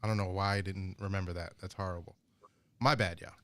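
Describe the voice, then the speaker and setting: A man's voice: low-pitched, steady tone, fast, fairly bright tone. A man co-hosting a podcast, telling rambling stories in casual chat with many restarts. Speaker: podcast co-host.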